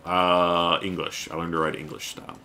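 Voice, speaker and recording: A male streamer chats casually while he plays, rambling playfully and reading out his chat. His voice is very deep but bright and forceful. Faint noise hums under it. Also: little pitch movement, moderate pace. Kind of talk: casual live-stream commentary.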